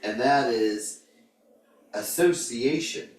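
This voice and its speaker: A man leading a Bible class discussion, animated and quizzing the group with questions. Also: medium pitch, slow. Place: church classroom. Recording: echoey room, mic far off.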